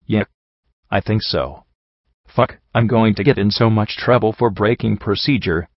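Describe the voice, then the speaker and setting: A jaded mare security guard, read by a man, talks in a bored, blunt way and swears often. The voice stays low. It is a dry, slightly dull recording. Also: unhurried, no room sound.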